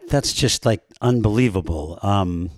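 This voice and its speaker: A man with a low voice interviews an author in an easy, conversational way. His voice sounds dry and close to the mic, with no room echo. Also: unhurried. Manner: conversational questions with short reactions.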